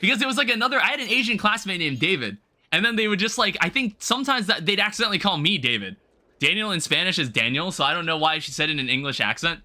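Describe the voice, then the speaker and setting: Bright, lively-voiced man streaming a game. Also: high voice, quick pace. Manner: rambling, self-correcting, chatting with viewers; casual, swears lightly. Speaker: livestreamer. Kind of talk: casual gameplay commentary.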